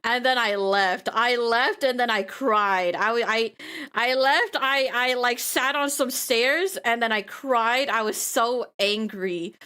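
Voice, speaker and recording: A woman streamer chatting casually with a high voice. She giggles through her sentences and trips over repeated words as she talks. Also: takes it slowly, bright, forceful tone, clear, resonant tone. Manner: stumbling restarts and repeated words. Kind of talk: casual storytelling chat.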